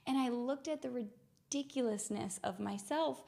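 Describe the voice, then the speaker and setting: A woman's voice: on the high side, a little slow, vocal fry, warm tone. A woman hosting a mindfulness podcast, animatedly telling a personal story and acting out her own inner voice.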